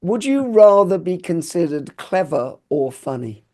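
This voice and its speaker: Mellow-voiced male podcast host. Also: high voice, big pitch swings, a little slow. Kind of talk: podcast interview.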